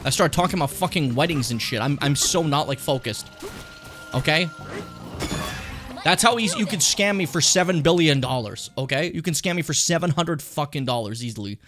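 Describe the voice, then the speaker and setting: A young man casually commenting on his gameplay, rambling and swearing, with sudden high excited yelps. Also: fairly quick. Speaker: streamer. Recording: game music playing behind the voice.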